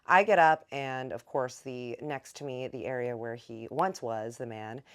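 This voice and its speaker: Very deep-voiced chatty woman vlogger. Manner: bubbly, chatty, addresses viewers as y'all and kittens. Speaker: storytime vlogger. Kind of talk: casual storytelling.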